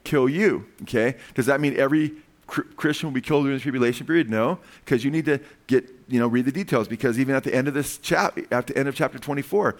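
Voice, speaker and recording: A pastor preaching a sermon in a casual, conversational way. He often checks in with the congregation by asking "amen?" and swings between loud emphasis and quiet, hushed lines. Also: medium pitch, fast talker. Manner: conversational preaching, frequent "amen?" call-outs.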